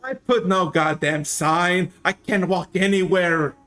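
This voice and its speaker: A man voicing a feeble, grumpy old farmer who yells at intruders. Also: high voice, fairly even intonation, a little slow, faint music behind, pitched above the performer's own voice. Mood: cranky. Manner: yelling, cranky, complaining.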